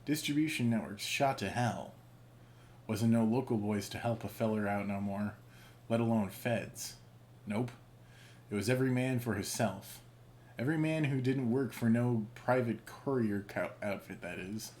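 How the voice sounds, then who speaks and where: A man voicing a gruff, folksy old rural elder with a Southern accent, read aloud from in-game messages. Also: fairly low pitch, normal speed, a little mellow, close to an everyday voice. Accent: American Southern.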